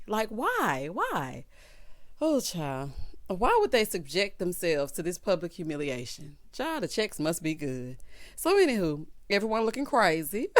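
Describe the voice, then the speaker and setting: A woman giving a casual, animated reality TV recap and laughing loudly. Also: medium pitch. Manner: animated, laughs loudly, Southern-style slang like "child" and "honey".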